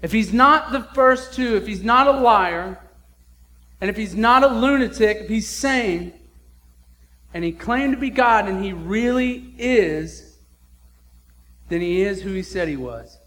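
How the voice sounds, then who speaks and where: A man's voice: high voice, expressive, unhurried, long pauses, pushed and bright. A man preaching a sermon as pastor, blunt and emphatic, with casual slang.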